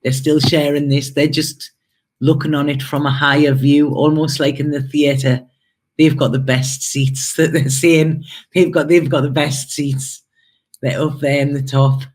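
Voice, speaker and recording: A man with a rather high, fairly monotone voice speaks a little slowly while offering an intuitive tarot and spirit reading to the camera. He hesitates often, repeats himself, leans on fillers, and stops for emotional remarks.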